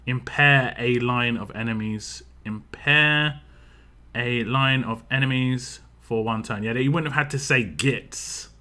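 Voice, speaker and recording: A man's voice: medium pitch, sharp tone. A man with a British accent talking casually on a game stream, rambling through chat questions with lots of fillers and restarts. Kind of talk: casual live-stream commentary.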